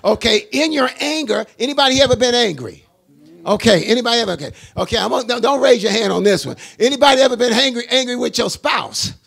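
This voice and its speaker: High, raspy older bishop preaching. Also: male voice, lively intonation, fast talker. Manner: call-and-response preaching that swells into shouting. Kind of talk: sermon. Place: church. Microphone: handheld mic.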